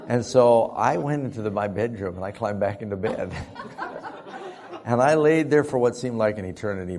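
A male preacher telling a story in a sermon, animated and often laughing as he talks. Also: deep voice.

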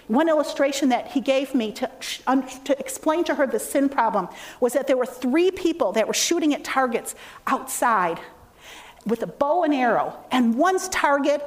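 Woman, middle-aged, somewhat high voice, church testimony, storytelling, animated quotes. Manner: storytelling with lively acted quotes. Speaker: speaker giving a testimony. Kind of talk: testimony sermon.

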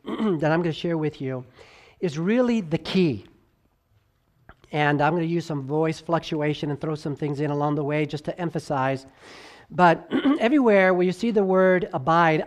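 A male pastor preaching a sermon, swinging from loud emphatic highs to hushed lows and drawing out key words slowly, with conversational asides and stammered restarts.

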